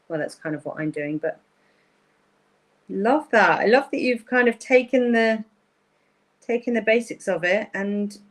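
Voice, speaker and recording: This is a woman hosting a live-streamed craft tutorial from her table at home, her voice sitting in an ordinary middle pitch. She talks her way through each step as she paints, chatting loosely to viewers and apologizing often along the way. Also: rough recording. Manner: chatty, thinks aloud while painting, apologetic. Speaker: craft workshop host.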